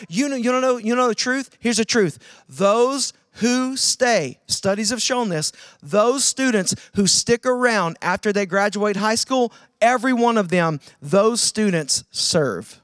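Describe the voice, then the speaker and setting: Man, sermon, very high voice, dry close sound, loud-to-hushed swings. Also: moderate pace, dry recording. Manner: preachy, calls for audience response, swings from loud to hushed. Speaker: pastor.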